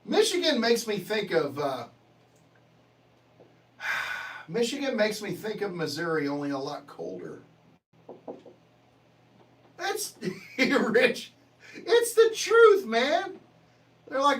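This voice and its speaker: A man's voice: high voice, wildly swooping pitch, slow, pauses often, recorded from a distance, poor audio. A man hosting a livestream, chatting casually and answering viewer comments in a profane, joking way. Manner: profane, joking, laughs often. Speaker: livestream host.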